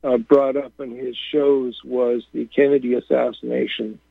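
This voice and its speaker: A man calling in to a radio show who speaks in a measured, thoughtful way. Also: medium pitch, flat delivery, gravelly, breathy edge, no room sound. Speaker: caller. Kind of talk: call-in radio talk. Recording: tinny phone line.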